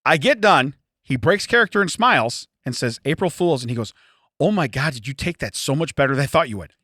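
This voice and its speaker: A man co-hosting a casual podcast, telling an animated story and acting out both sides of the conversation. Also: fairly high pitch, a little fast, no echo, clean studio sound. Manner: animated, swerves into quoted dialogue, self-censors swearing. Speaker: podcast co-host.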